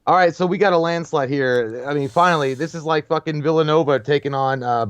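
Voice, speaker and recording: A man's voice: a little high, a little fast, clean tone, no echo. A man co-hosting a livestreamed movie podcast, rambling and stammering in casual chat, laughing at his own jokes. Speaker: podcast co-host. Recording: dry, dull lo-fi mic.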